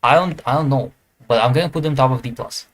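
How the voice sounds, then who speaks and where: Man, casual tier-list commentator, mid-pitched, thinks out loud, hesitant, corrects himself often. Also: fast. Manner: thinking aloud, hesitant with fillers and self-corrections. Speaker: esports tier list creator. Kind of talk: casual commentary while ranking.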